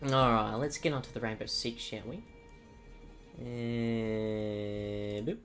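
A man's voice: lowish voice, fairly even intonation, slow pace, fairly bright tone, faint music behind. A young man streaming a game, just woken up, chatting in a groggy, sweary way and laughing easily. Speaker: livestreamer. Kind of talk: casual gaming stream chat.

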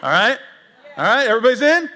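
Bright-voiced man preaching a jokey sermon. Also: very high voice, quick pace, some chatter behind. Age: older. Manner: jokey, self-deprecating, animated with asides to the congregation. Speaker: executive pastor. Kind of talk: conversational sermon. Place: church sanctuary.

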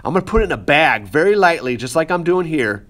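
A man's voice: fairly high pitch, sing-song, fast talker, fairly bright tone. A man in the middle of a hands-on pottery lesson, talking students through each step as he works the clay. His delivery is casual and chatty, with playful asides thrown in between the instructions. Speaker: art teacher.

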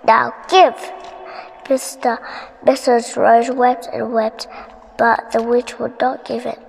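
A woman with an Indonesian first language reads a bedtime story in a hushed, gentle manner. Her voice is high and husky, and she reads slowly. A long hall reverb trails each line. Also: level tone. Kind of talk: bedtime read-aloud storytelling.

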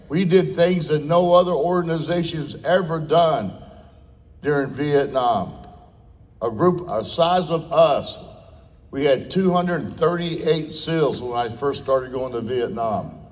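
A man's voice: medium pitch, darkish tone. An older man with a twang speaks off the cuff at a dinner, blunt and folksy, with the odd curse word. His voice sits in a medium register and carries a long reverb from the large hall. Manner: blunt, folksy, salty with mild cursing.

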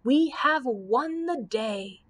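Casting: woman reading as a pompous court schemer, slow and grand, storybook. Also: fairly high pitch. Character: scheming, self-important male chancellor.

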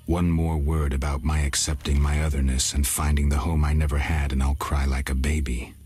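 A man's voice: little pitch movement, a little fast, a little mellow, faint music behind, exaggerated voice. An actor playing a sarcastic male monster hunter in a video game, speaking in a dry, sardonic manner. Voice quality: very deep, husky.

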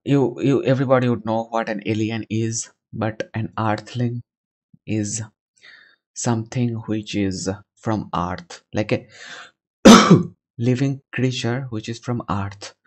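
A man's voice: on the low side, steady tone, takes it slowly. A man in his twenties chatting with strangers on a video call and adding chatty commentary, asking blunt questions. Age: 20s. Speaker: video chat host. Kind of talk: casual chat and voice-over commentary.

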